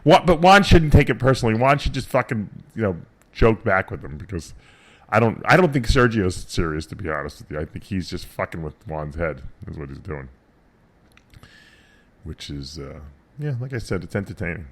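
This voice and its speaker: Lower-voiced profane radio host. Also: male voice, very animated, normal speed. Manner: profane, rambling storyteller. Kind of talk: casual radio chat.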